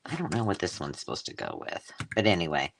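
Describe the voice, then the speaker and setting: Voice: deep voice, wildly swooping pitch, quick pace, vocal fry, slight background noise. A craft host chatting casually on a live stream, rambling through stories and cutting off her own sentences as she unboxes finds at home. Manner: rambling, self-interrupting storyteller.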